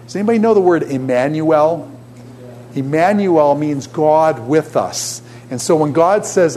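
A male teacher lectures with animation, tossing questions out to his class. His voice sits fairly high for a man. A faint hum lingers behind him. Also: normal speed, warm tone.

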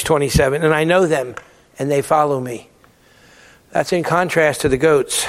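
A man's voice: a little high, fairly even intonation, normal speed, long reverb tail. A man giving a Bible lecture, emphatic and repeating words to stress his points. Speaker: theology lecturer.

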